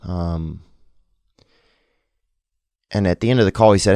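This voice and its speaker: A man telling a personal story in a rambling, halting way, reflective and emotionally open, with lots of slang and restarts. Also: deep voice, a little mellow, dry recording, clean studio sound. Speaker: podcast host. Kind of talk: confessional storytelling.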